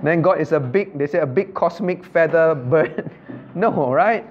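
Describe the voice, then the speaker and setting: Repetitive, questioning pastor with a slightly high voice. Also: male voice, measured pace. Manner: repetitive, asks the class questions, loose non-native grammar. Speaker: pastor teaching a class. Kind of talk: interactive Bible study lecture. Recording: dull low-fidelity room recording with faint background noise.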